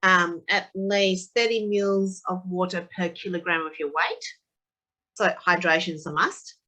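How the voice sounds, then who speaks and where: A woman, a tapping practitioner, talking casually as a guest and telling animated stories. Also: fairly low pitch, measured pace, rough recording. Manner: animated storyteller, acts out quotes of her son. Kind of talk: casual conversational interview.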